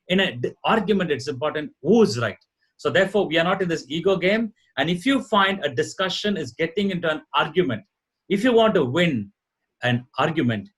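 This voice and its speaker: Casting: middle-aged Indian man, husky and fairly high voice, earnest trainer who repeats his points. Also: a bit bright. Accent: Indian English. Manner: earnest, repetitive, emphatic explaining. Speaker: guest speaker, corporate trainer. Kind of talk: lecture-style talk show answer. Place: live event before an audience.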